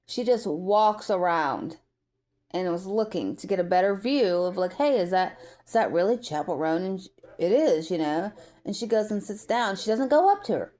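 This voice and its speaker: A woman's voice: medium pitch, animated, normal speed, warm tone. A woman from the United States giving a rambling, opinionated commentary in a casual vlog, full of filler words. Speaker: vlogger.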